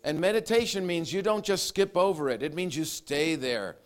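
A middle-aged man preaching a sermon, acting out voices and quotes, shifting from loud commands to near whispers. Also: a little high, normal speed. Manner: animated preaching, acts out quotes, growls and laughs. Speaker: pastor.

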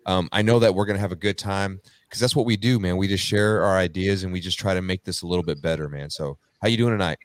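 A man with a fairly low voice speaks as a podcast guest, upbeat and motivational. The sound is dry and close, with no room around it. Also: fast, few pauses, no room sound. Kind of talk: casual podcast chat.

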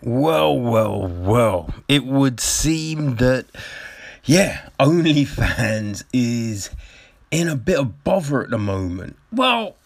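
A man's voice: mid-range voice, takes it slowly, vocal fry, no room sound, clean studio sound. A young man hosting a casual, profane commentary show, rambling and swearing as he reacts to the news. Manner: rambling, swears a lot, animated. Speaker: host.

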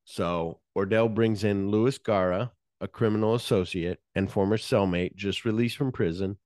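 Low-voiced guy rambling through a movie plot, swears a lot, dry close sound. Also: moderate pace, no echo. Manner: animated scene retelling, frequent swearing. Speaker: podcast host. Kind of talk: casual movie-discussion chat.

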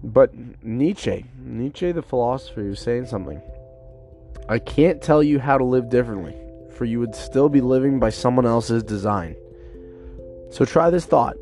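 A man's voice: mid-range voice, lively intonation, moderate pace, a little mellow, soft background music. A man in his twenties, congested from a cold, rambling loosely through a casual solo podcast. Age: 20s. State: stuffed up with a cold. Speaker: podcast host.

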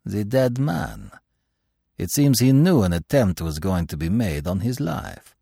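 Precise older belgian detective done by a man, slow grave talk, low husky voice. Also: very animated, mellow, dry recording, studio quality, heavily acted. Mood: brisk. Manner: measured and grave, dropping French phrases.

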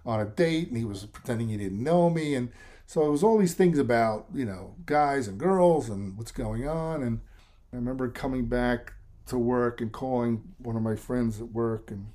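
A man's voice: mid-range voice, moderate pace, mellow. Middle-aged American man, talkative guest storyteller; loose, rambling, mimics others when quoting. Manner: rambling storyteller, quotes others in voices, emotional at times. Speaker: songwriter and lead singer, guest. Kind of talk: casual interview chat.

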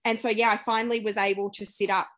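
A woman's voice: medium pitch, quick pace. A young Australian woman, a podcast guest, candidly retelling a personal story, acting out what people said and laughing as she goes. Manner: candid, animated retelling with acted-out quotes and laughter.

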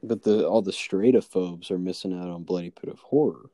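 A man's voice: low-pitched, a little fast, mellow, dry recording. A man co-hosting a casual chat, laid-back and jokey, with plenty of slang.

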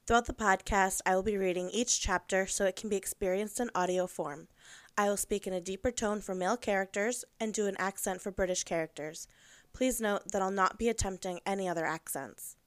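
A woman author reading her own fan fiction aloud in a steady, plain voice. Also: medium pitch, smooth. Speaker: author and reader.

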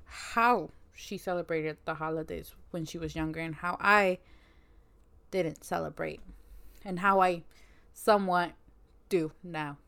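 A young woman co-hosting a podcast, chatting casually, emotional and animated, laughing often. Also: fairly low pitch, unhurried, long pauses, clear, resonant tone. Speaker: podcast co-host. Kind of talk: casual chat.

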